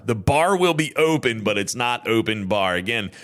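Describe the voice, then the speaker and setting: A man's voice: mid-range voice, animated, normal speed, a bit bright. A man hosting a local podcast, folksy and upbeat in casual chat. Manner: folksy and upbeat, with Southern turns of phrase. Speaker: podcast host.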